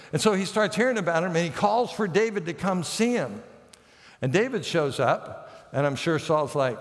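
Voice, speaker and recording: Male pastor, slightly high voice, storytelling sermon delivery, long church reverb. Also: lively intonation, normal speed. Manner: storytelling, acts out the characters' quotes. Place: church sanctuary.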